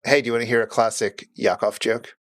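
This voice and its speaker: A man in his forties co-hosting a podcast in casual comedic chat, reading jokes with a deadpan delivery. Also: medium pitch, fast, dry recording, clean studio sound. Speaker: podcast co-host.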